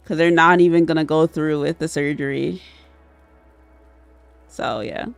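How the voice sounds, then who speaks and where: Stuffy nosed lady streamer, sniffly, laughs a lot and swears, slow drawl. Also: low-pitched, fairly even intonation, gravelly, soft background music. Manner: laughs often, swears casually. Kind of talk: casual livestream chat.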